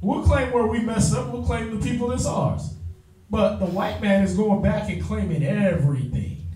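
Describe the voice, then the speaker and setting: A man's voice: sits high, moderate pace, mellow. Man, Bible study teacher, sarcastic slangy rant, roomy echo, faint music. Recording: echoey room, mic at a distance.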